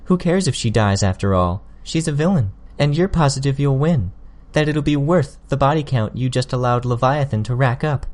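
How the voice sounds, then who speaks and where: A man reading an audiobook, voicing a sly, smug young woman who needles her opponents with quick, pointed jabs. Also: mid-range voice, animated, a little mellow, voice pushed up, lightly acted. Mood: taunting.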